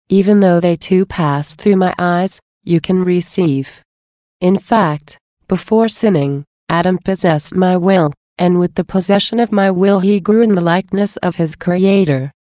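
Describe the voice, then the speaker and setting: A woman reads as a tender, sorrowful grown man in a gentle, measured devotional reading. The voice sits low and mellow. The sound is close and dry. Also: no echo, lightly acted. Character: tender sorrowful adult man, Jesus speaking.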